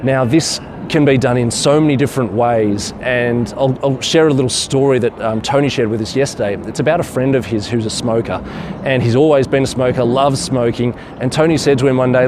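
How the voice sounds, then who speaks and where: Man vlogger, mid pitch, eager and rambling, faint street traffic behind. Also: fairly quick. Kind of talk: casual storytelling to camera.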